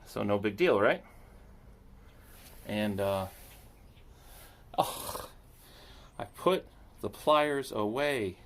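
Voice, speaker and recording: Very slow with long pauses, a man whose voice is on the low side but lively in intonation talks to himself while fixing his landscaping equipment. He rambles and jokes about himself, with slight noise in the background.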